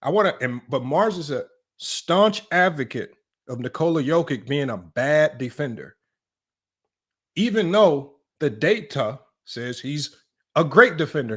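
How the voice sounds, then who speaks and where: A man's voice: on the high side, slightly rough. A man hosting a live-stream basketball commentary, talking emphatically and repetitively, often tossing questions to his chat and arguing his point. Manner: emphatic and repetitive, often asks "right?" and addresses "y'all"; argumentative, talks straight to his live chat. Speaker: sports analytics streamer.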